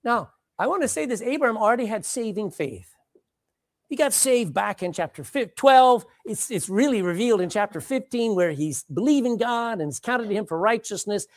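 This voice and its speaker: A woman preaching a sermon, dramatic and animated, repeating phrases for emphasis and swinging between loud and hushed. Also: a little high, normal speed, dry recording, clean studio sound.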